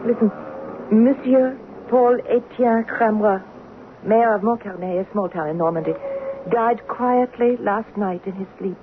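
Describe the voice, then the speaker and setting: A woman's voice: on the high side, measured pace, lightly acted. An actress playing a teasing French wife in her fifties with a French accent, once a wartime resistance fighter, in 1970s radio drama acting. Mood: urgent. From France. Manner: teasing, affectionate. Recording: tinny hissy old radio broadcast.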